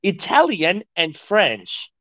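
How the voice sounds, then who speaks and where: A man's voice: high voice, wildly swooping pitch, slow, pushed and bright, no room sound. A man, a podcast guest talking in slightly broken English, rambling casually. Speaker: podcast guest, show owner. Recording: dull lo-fi mic.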